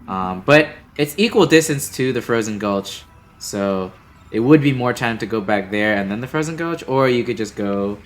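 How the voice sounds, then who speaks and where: A man's voice: fairly low pitch, animated, moderate pace, a little hiss or hum. A man narrating a tabletop game as game master, casual and full of fillers. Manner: casual, filler-heavy, easygoing.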